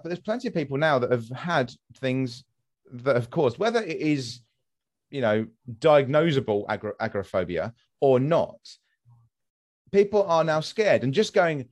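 A man hosting a podcast, talking in a rambling, animated way with frequent fillers. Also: mid-range voice, a little slow. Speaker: podcast host. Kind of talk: casual podcast chat.

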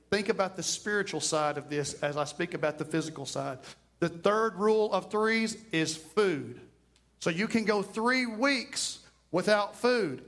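A man's voice: high-pitched, fairly bright tone. A male pastor delivering a sermon, stressing and repeating key phrases and acting out people's words. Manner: emphatic preacher who repeats key phrases and acts out quotes. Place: church.

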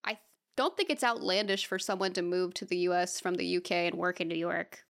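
A woman's voice: lowish voice, steady tone, brisk, vocal fry, a bit bright. A woman co-hosting a movie review podcast, chatting casually and reading critics' quotes aloud before weighing in plainly. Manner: reads quotes aloud then comments plainly. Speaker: podcast co-host.

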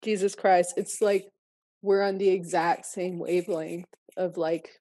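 A woman's voice: fairly low pitch, fairly even intonation, measured pace, mellow. A woman hosting a podcast, emotional and effusive, swearing freely as she speaks candidly. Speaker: podcast host. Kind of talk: candid personal conversation.

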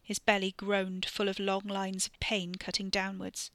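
A woman narrating a novel in a steady, even storytelling voice. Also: mid-range voice, unhurried, dry recording. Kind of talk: audiobook fiction reading.

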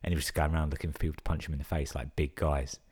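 Young bloke, super deep voice, casual sweary story, like like like. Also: male voice, little pitch movement, very fast, darkish tone, husky. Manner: swears a lot and says 'like' constantly. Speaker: vlogger telling stories.

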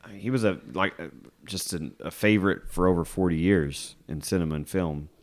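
Man, very deep voice, podcast host, relaxed rambling chat. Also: brisk. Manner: laid-back, repeats and trails off. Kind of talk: casual chat.

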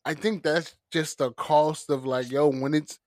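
Male podcast co-host, animated storyteller, slightly high voice, dry close mic. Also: a little slow, dry recording. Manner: animated storyteller who acts out quotes and laughs often. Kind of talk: casual chat.

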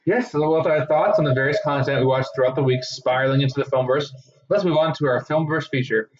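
A man co-hosting a podcast in casual chat, animated and laughing as he quotes movie lines. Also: medium pitch, fast talker, lo-fi sound. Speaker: podcast co-host.

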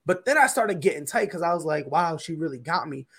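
A man's voice: on the high side, animated, fairly quick, a bit bright, slightly rough. A man co-hosting a podcast, telling a story in a casual, slangy way and often repeating himself. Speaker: podcast co-host.

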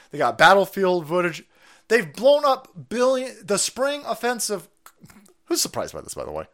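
A man rants through his livestream in a foul-mouthed, mocking voice that leaps between shouts and low mutters. His pitch sits fairly high and swings widely. The delivery is loose, sarcastic commentary. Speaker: livestream host. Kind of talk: profane ranting commentary.

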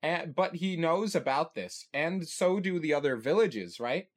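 A man's voice: a little high, lively intonation, a little slow. A man co-hosting a podcast in casual chat, thinking aloud and often checking in with "right?". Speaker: podcast co-host.

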